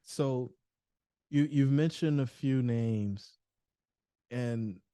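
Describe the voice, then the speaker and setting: A man's voice: mid-range voice, drawn-out words, mellow, clear, resonant tone, no echo. A man hosting a podcast, asking thoughtful questions with some hesitation. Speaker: podcast host. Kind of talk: interview questions.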